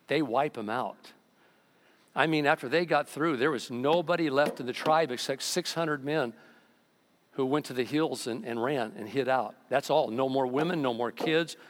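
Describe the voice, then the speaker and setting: High-voiced, animated preaching man. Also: long reverb tail. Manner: animated, mocking voices of the people he quotes. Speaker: pastor. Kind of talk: sermon. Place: church sanctuary.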